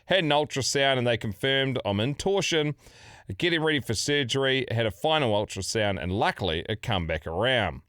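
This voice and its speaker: A man's voice: medium pitch, expressive, moderate pace, a bit bright, clean tone, dry recording, clean studio sound. A middle-aged man with a New Zealand accent, co-hosting a podcast and reading out a listener's story in a laid-back, sweary way. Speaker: podcast co-host.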